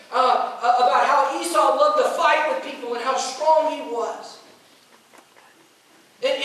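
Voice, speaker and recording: A man's voice: very high-pitched, fairly bright tone. Man preaching in an echoey church. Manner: retelling a story with quoted voices and frequent restarts. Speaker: pastor. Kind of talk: sermon storytelling. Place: church sanctuary. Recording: very echoey church room, mic far off.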